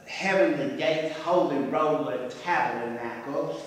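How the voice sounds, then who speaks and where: A man plays a self-doubting writer who sighs and mocks himself in a dry, wry tone. His voice sits at a middle pitch and comes from far across a stage, with a long echo from the hall. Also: unhurried, fairly bright tone, a little hiss or hum, lightly acted. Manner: wry, sighing, self-deprecating. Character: self-doubting male writer, husband, ex-Army. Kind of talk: amateur stage comedy acting. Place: theatre stage.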